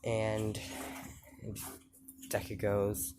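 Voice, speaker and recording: A man casually retelling his own fan-fiction story, slow and rambling. He stops and restarts often and leans on fillers as he works out what happens next. Faint noise hums behind him. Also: fairly low pitch. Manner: rambling, halting, full of fillers.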